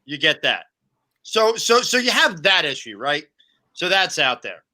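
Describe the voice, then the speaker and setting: A man co-hosting a sports podcast, talking in an animated, sarcastic, conversational way. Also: a little high, measured pace. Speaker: podcast co-host. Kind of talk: opinionated sports podcast talk.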